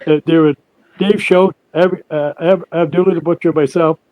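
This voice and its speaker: An older man telling old stories as a podcast guest, stumbling and repeating words as he goes. He acts out the people he quotes in raised voices. The recording is dry and close, and his voice sits a bit high for a man. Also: steady tone, normal speed, warm tone, no echo, low-quality recording. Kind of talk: casual storytelling interview.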